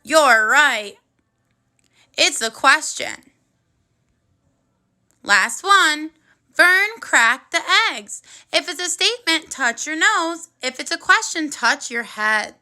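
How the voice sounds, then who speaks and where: A woman teaching a first grade phonics lesson on video, speaking slowly and clearly with plenty of encouragement for young children. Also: high-pitched, big pitch swings, bright, forceful tone. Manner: slow, clear, encouraging classroom delivery.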